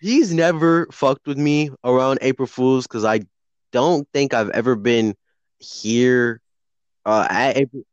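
A man's voice: mid-range voice, slow pace, clean tone, dry recording, lo-fi sound. A man co-hosting a casual podcast, joking and swearing freely, with a dry close sound. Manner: profane, joking, animated. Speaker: podcast co-host. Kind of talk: casual chat.

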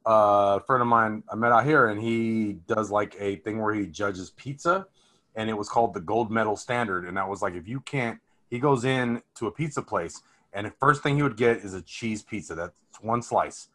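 A man's voice: lowish voice, normal speed, a bit bright. A man co-hosting a podcast, telling loose stories in casual chat and swearing freely. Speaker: podcast co-host.

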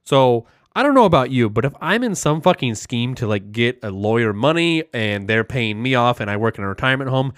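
A man recapping a movie in a casual podcast chat, animated and heavy on the swearing as he rambles through the plot. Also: medium pitch, a little fast, few pauses, no room sound, clean studio sound. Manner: animated, profane, rambling storyteller.

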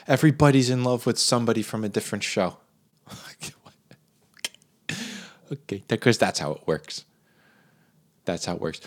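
A young man in a casual, comedic rant, rambling with lots of fillers and repeats. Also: medium pitch.

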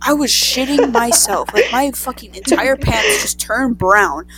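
Animated young woman telling a story. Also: fairly high pitch, a little slow, over music. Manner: animated, profane, acts out quotes. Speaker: storyteller among friends. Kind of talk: casual chat.

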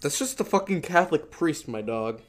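A young man co-hosting a podcast in crude, excitable banter, swearing and laughing a lot. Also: on the high side, moderate pace. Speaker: podcast co-host.

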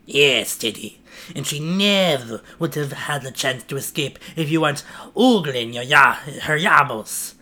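Casting: a man playing a cool, sneering teenage ringleader, bright voice. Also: fairly high pitch, expressive, a little slow. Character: cool, sneering teenage male gang leader. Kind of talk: amateur read-aloud with character voices.

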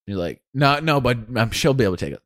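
A man's voice: medium pitch, big pitch swings, fast, fairly bright tone, no room sound. Young guy on a podcast telling a family story, does the voices, dry close mic. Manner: storytelling, acts out family members' lines. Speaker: co-host. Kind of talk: casual podcast chat.

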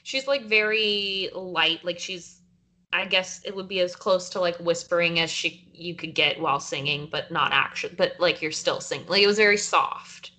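A woman's voice: on the low side, moderate pace, sharp tone. A woman co-hosting a casual music chat, leading the talk with many likes and restarts. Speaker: podcast co-host leading a song discussion.

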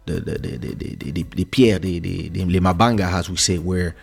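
A man's voice: low voice, steady tone, moderate pace, gravelly, breathy edge. A man, hosting a podcast and casually telling a story from his music career, repeating and restarting words as he recalls. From France. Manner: reminiscing, frequent word repeats and restarts.

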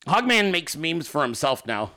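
A male podcast host with a fairly high voice keeps things casual, profane, and jokey, quick to laugh. His delivery swoops lively, and his tone carries a tense, sharp edge.

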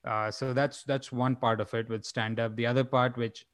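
Young male comic from India, casual chat, mid-pitched, rambling, dry booth sound. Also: flat delivery, moderate pace, dry recording. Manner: rambling, with many fillers and restarts. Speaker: stand-up comedian and podcast guest.

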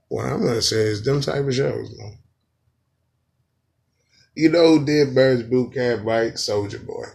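A man's voice: mid-range voice, creaky. A man hosting a podcast in a casual comedic rant, profane and playful, often breaking into sung imitations. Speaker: podcast host.

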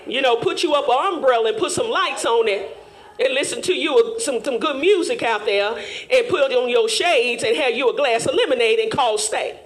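A woman teaching Sunday school in a fervent, call-and-response preaching manner, rising at times to shouts. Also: fairly high pitch, moderate pace.

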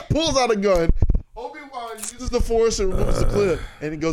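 A man's voice: high voice, animated, normal speed, background noise. A young man in casual group chat, telling stories animatedly and acting out quoted lines. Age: young adult.

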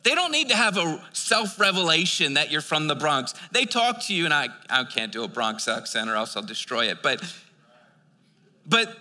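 A man's voice: on the high side, big pitch swings, normal speed, bright, forceful tone, in a large hall. An American man preaching a sermon, reading scripture and breaking into casual, chatty explanations. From United States. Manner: reads scripture then explains it in casual asides; conversational, with filler words and restarts.

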